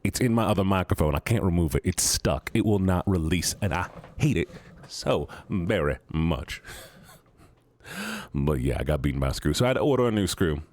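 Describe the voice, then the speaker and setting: A man's voice: sits low, lively intonation, normal speed, darkish tone, dry recording. A young man streaming from home, chatting playfully with viewers through a handheld microphone, rambling and teasing. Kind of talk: casual chat with viewers. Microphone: handheld studio microphone.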